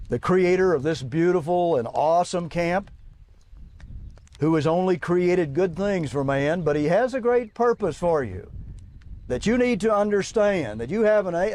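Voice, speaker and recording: Emphatic high-voiced male preacher. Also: a little mellow. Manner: emphatic, rising on rhetorical questions, reads quotes aloud. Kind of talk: outdoor sermon to young people. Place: outdoors at a camp.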